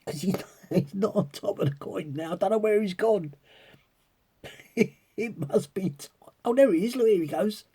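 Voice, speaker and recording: His voice is high, animated, warm and a bit breathy, moving at a moderate pace. As a coin collector vlogging for viewers, he chats and rambles while examining coins under a magnifier, frequently cracking up with giggles.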